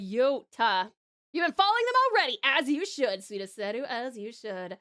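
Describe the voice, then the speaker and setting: A bubbly Australian woman hosts a casual live stream in a bright, high voice. Her pitch leaps all over as she gushes to viewers, filling the gaps with ums. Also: animated, brisk. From Tasmania, Australia. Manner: bubbly, gushing, many ums. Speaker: streamer and artist.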